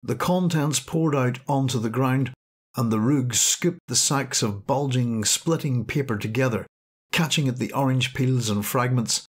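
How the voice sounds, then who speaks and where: A man with a husky, slightly breathy voice narrates a short story. His reading is dramatic and measured, a storyteller pulling the listener along. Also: mid-range voice. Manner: dramatic storytelling, acting out cries. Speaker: audiobook narrator. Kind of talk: scripted narration.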